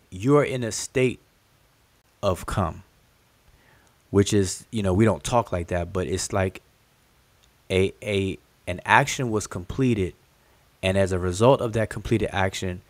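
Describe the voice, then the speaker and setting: A man's voice: lowish voice, dry recording. A man hosting a livestream lesson, patiently explaining inscriptions, repeating key words and talking straight to his chat. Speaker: host teaching hieroglyphic writing.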